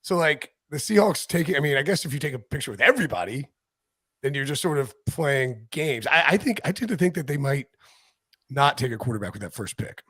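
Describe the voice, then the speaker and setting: A man hosting a football podcast, talking in a rambling, animated way with many fillers. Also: mid-range voice, fairly quick, breathy edge, no echo. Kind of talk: casual chat.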